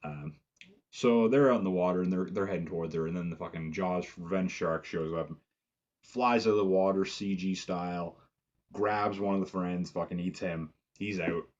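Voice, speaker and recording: Deep husky dude rambling through a sweary movie recap, muffled lo-fi audio. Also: male voice, normal speed, a little mellow. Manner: profane, rambling, lots of "like" fillers. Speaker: movie reviewer. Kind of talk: casual film review recap.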